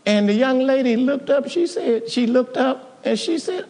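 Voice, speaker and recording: A middle-aged man preaches a storytelling sermon in a bright, high voice. His pitch leaps and dives constantly. He shifts from loud exclamations to soft, hushed asides and often repeats himself. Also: animated, normal speed. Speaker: pastor.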